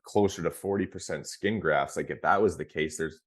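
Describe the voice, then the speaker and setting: A man's voice: extremely low pitch, brisk. A man in his thirties, a former pro athlete on a podcast, telling his story frankly and casually, with lots of fillers and restarts. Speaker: podcast guest, former pro hockey player. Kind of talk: candid conversational storytelling.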